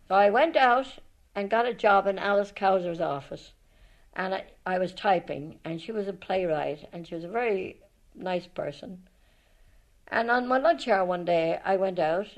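An older woman with an Irish accent tells stories from her life in a rambling, lively way, full of restarts and retold conversations. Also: lowish voice, poor audio. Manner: rambling, lively, retells past talk with many restarts. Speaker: storyteller recalling her life. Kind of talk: spoken memoir, reminiscing.

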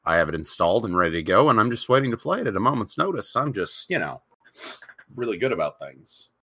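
A man's voice: fairly low pitch, big pitch swings, fast, fairly bright tone. A man co-hosting a podcast in loose, rambling casual chat, often repeating words as he restarts. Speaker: podcast co-host.

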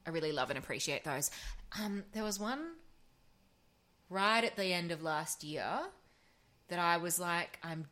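Bright-voiced actress telling stories. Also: female voice, on the low side, unhurried. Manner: animated storytelling, swears freely, acts out quotes. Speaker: actor and audiobook narrator, guest. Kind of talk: casual podcast chat.

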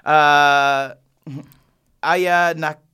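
A woman's voice: sits low, steady tone, extremely slow, fairly bright tone, clear, resonant tone. A woman hosting a casual chat, reading out lists of nominees and laughing often. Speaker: host.

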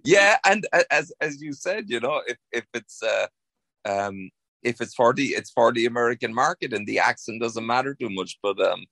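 A man's voice: medium pitch, animated, normal speed, gravelly, sharp tone, no room sound. An Irish man, an actor, chatting in an interview, rambling with many restarts. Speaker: actor, guest. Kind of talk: casual interview chat.

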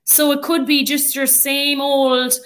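A woman's voice: high-pitched, level tone, takes it slowly, fairly bright tone. A woman with an Irish accent, a rugby player and coach, chatting casually as a podcast guest with many fillers. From Ireland.

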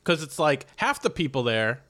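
A man's voice: on the high side, big pitch swings, normal speed, pushed and bright. A man co-hosting a casual podcast, telling a story and acting out what people said. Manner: storytelling, acting out quotes, laughs often. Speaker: podcast co-host and comedian.

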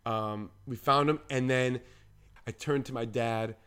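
A man's voice: medium pitch, unhurried. A man, a podcast co-host, telling a childhood story in casual talk and animatedly acting out the voices of others. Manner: animated, acts out quoted voices.

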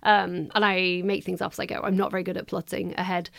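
A woman's voice: fairly low pitch, gravelly, dry recording, clean studio sound. A woman in her thirties, a guest novelist chatting casually on a podcast, telling stories with lots of laughter. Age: 30s. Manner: lively storyteller, quick to laugh. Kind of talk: casual chat.

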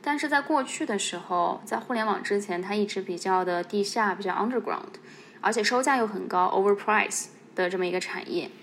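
A woman's voice: mid-range voice, fairly quick, creaky, fairly bright tone, slight background noise. A woman hosting a podcast, explaining in a conversational tone with playful asides. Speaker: podcast host. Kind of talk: casual podcast narration.

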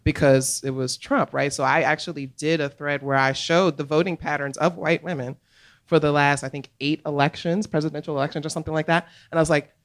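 A woman guest in a live podcast interview on a comedy club stage, talking in an animated, emphatic way with quick laughs. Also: sits low.

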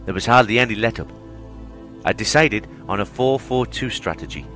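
A man reading a first-person novel aloud in a measured, steady way. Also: lowish voice, soft background music. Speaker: audiobook reader.

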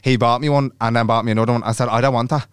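A man's voice: medium pitch, fairly even intonation, racing, clear, resonant tone, no room sound, clean studio sound. A young man co-hosting a podcast in casual chat, telling stories loosely, acting out quoted dialogue and swearing freely. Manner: chatty storyteller who acts out quoted dialogue and swears freely. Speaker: podcast co-host.

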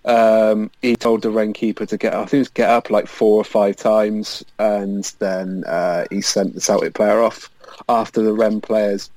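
A man's voice: lowish voice, little pitch movement, measured pace, darkish tone, dry recording, rough recording. Man, eager football talk, dry sound. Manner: eager, detailed match analysis. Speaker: co-host. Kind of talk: casual football podcast chat.

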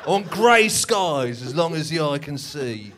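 A man co-hosting a podcast, telling comic stories with animated, laughing riffs. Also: fairly high pitch, measured pace, music in the background. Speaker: podcast co-host, comedian. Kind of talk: casual comedic chat.

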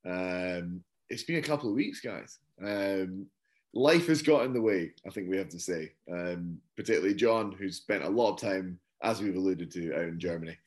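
A man co-hosting a football podcast, chatting in a relaxed, rambling way with lots of fillers. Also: low-pitched, normal speed. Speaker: podcast co-host. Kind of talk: casual chat.

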